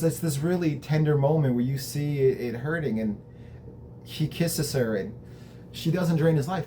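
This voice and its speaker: Recapping a TV episode for his show, this man keeps things relaxed, thoughtful and chatty, with a curse word here and there. He has a mellow, mid-range voice over slight background noise.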